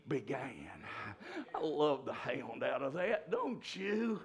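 A male preacher, delivering a sermon that swings from shouts to hushed whispers. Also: mid-range voice, sing-song, slow pace, husky.

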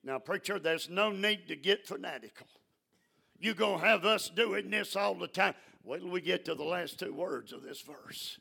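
A man preaching a fervent sermon in a church, often rising into shouts. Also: high-pitched, normal speed, creaky, breathy edge.

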